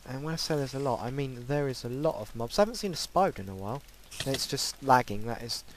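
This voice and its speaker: A man commentating his own game play, breaking into excitable, panicky outbursts and repeated pleading. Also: medium pitch, quick pace, slight background noise. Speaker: gaming channel host. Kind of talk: Minecraft let's play commentary.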